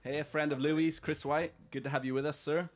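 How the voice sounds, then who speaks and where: A man's voice: fairly high pitch, little pitch movement, brisk. Joking man hosting a live stream. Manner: playful, jokey, laughing often. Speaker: host of a live-streamed music show. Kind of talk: lively chat with online viewers.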